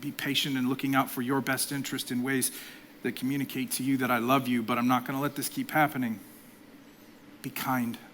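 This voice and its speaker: Bright-voiced man preaching a sermon. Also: mid-range voice, flat delivery, brisk, a little hiss or hum. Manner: emphatic, varies between loud exhortation and soft intimate delivery. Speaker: executive pastor.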